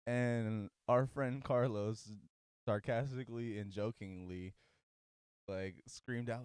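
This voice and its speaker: A man's voice: lowish voice, steady tone, takes it slowly, darkish tone, clean tone, no echo, clean studio sound. A man co-hosting a casual podcast, telling stories in a laid-back way with lots of fillers. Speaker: podcast co-host. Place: home studio.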